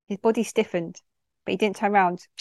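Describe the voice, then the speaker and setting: A woman's voice: medium pitch, fairly even intonation, a little fast, darkish tone, no echo, clean studio sound, soft background music. A woman, a youth worker reading a personal story in a direct, no-nonsense way. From London.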